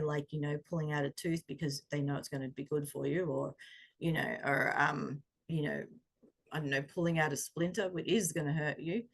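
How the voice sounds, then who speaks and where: A middle-aged woman with a fairly low voice, talking about self-trust as a coach. Her delivery is gentle and conversational, and she often stops to hunt for the right word. It sounds like an unhurried reflective session. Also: slightly rough. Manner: conversational and gentle, searching for words. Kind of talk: reflective talk on intuition.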